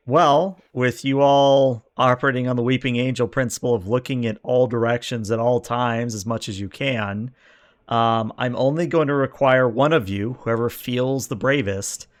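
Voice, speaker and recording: Man, game master, lively playful narration, middle-pitched voice. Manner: lively, playful, laughs often.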